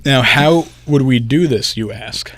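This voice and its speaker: A man's voice: medium pitch, measured pace, a bit bright, dry recording. A young man co-hosting a casual radio show, explaining things step by step. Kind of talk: casual chat. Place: small radio studio. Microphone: headphones and studio microphone.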